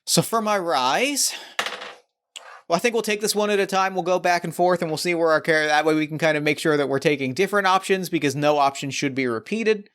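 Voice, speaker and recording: A man's voice: on the high side, a little fast, fairly bright tone. A man hosting a tabletop role-playing podcast, chatting enthusiastically with a guest before the game. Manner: upbeat, enthusiastic, many fillers. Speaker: podcast host and game master.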